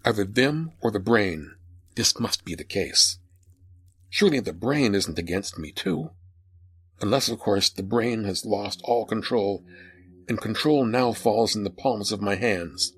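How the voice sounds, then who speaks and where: A man narrating a first-person horror story in a grim, deliberate manner. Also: fairly low pitch, animated, slightly rough, no echo.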